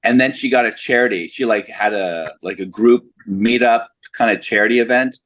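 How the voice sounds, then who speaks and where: A man's voice: medium pitch, normal speed, fairly bright tone. A man co-hosting a casual podcast, telling an anecdote in a chatty storytelling way. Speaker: comedian co-host.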